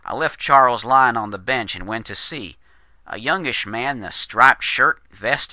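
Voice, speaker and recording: A man narrating a western horror story in a steady, descriptive storytelling manner. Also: mid-range voice, no echo.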